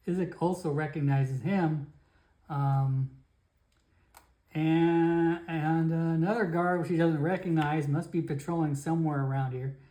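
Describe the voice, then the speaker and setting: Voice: medium pitch, a little mellow. A player narrating a solo tabletop game session, rambling casually with fillers and self-corrections.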